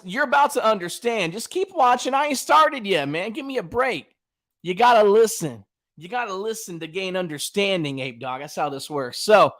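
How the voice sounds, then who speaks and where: A man's voice: sits high, fairly bright tone. A man hosting his own livestream, casually trash-talking a rival in colloquial slang and talking straight to his chat. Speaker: channel host.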